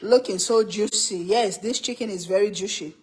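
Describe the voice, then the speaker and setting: Middle-aged woman host, cooking stream from the home kitchen, chatty and teasing, quick laughs. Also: mid-range voice, darkish tone. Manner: chatty, playful, laughs often. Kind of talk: casual livestream cooking chat.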